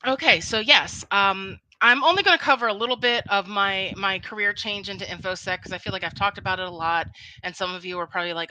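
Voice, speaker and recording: A woman with a Philadelphia accent chatting as an interview guest, upbeat and quick to laugh. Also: medium pitch, bright, forceful tone, no room sound, rough recording. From Philadelphia, United States. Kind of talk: casual interview chat.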